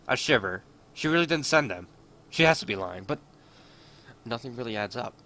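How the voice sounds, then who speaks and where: A man's voice: mid-range voice, moderate pace, sharp tone, a little hiss or hum. A man reading a visual novel aloud in first person, adding his own asides. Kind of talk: reading game text aloud.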